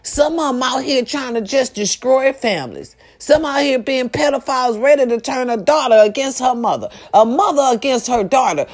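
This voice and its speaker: Loud, profane woman chatting to viewers. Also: high voice, moderate pace, few pauses. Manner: loud, profane and animated, with sung snippets. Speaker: live-stream host. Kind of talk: casual chat to viewers.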